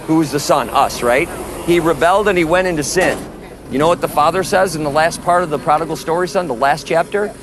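Man, street preacher, slightly high voice, emphatic, quizzes the crowd. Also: brisk, noisy background. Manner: emphatic, forceful, quizzes listeners with questions. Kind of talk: outdoor street preaching in conversation.

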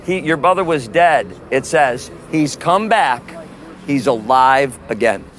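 A man preaching on the street outdoors, emphatic and forceful, quizzing his listeners with questions as he talks. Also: medium pitch, expressive, slow, slight background noise.

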